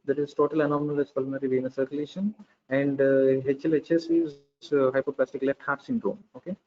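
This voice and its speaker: A man with an Indian English accent giving a medical lecture to students, explaining patiently and pausing often with "okay" and "uh". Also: fairly high pitch, a little mellow, lo-fi sound, a little hiss or hum. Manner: explains patiently with frequent "okay" and filler pauses. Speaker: pediatrics lecturer.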